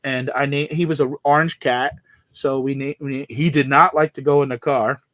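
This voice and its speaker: A man's voice: medium pitch, fairly even intonation, moderate pace, a bit bright, dry recording. A man telling a long, rambling story in casual chat, with many restarts and trailing asides.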